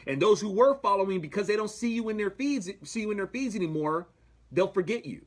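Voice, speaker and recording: A man's voice: high voice, expressive, quick pace. A man hosting a livestream, talking casually about the Bible and the news, rambling with many restarts and chuckling asides. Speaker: livestream host.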